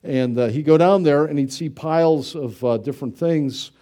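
A man's voice: on the high side, moderate pace, mellow. A middle-aged man from the United States, preaching in a folksy, conversational way with many rhetorical questions. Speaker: pastor. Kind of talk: sermon.

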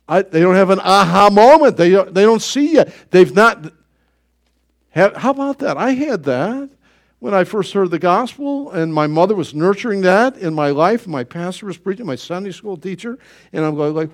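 Animated high-voiced preacher man. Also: fairly quick. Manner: folksy storytelling, acting out his own inner voice. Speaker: pastor. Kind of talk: sermon.

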